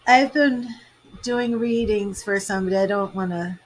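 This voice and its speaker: A woman's voice: mid-range voice, moderate pace, poor audio. A woman reading tarot on a live stream, chatting with viewers in an emotional, rambling way with lots of fillers, tearful at times. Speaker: tarot reader and psychic medium.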